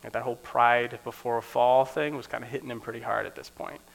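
A young man preaching in a relaxed, conversational way, often checking in with "right?" and acting out the people he quotes. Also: medium pitch, fast talker, creaky. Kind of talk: casual teaching sermon.

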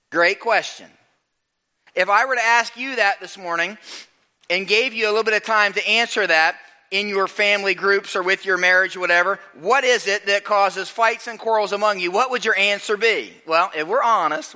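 Animated preacher man. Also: high-pitched. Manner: animated storytelling, acts out his own shouts. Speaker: pastor. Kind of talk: sermon. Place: church.

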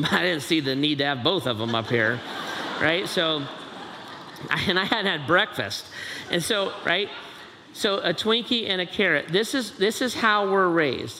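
Man preaching, lively swooping pitch, fairly high voice, playful, acts out scenes, echoey hall. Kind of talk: sermon.

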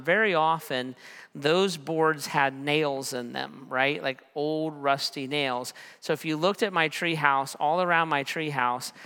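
Guy in his 40s preaching, bright clear voice, bit higher pitched, chatty storyteller with jokes at his own expense, big hall echo. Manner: conversational, self-deprecating humor. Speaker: pastor. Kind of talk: sermon storytelling. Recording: long hall reverb.

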